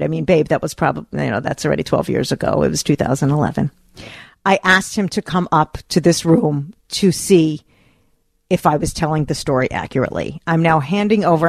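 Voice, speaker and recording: A middle-aged woman host tells a personal story on talk radio. She is animated and swings through her range as she acts out her own lines. The studio sound is close and dry. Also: deep voice, creaky, no echo.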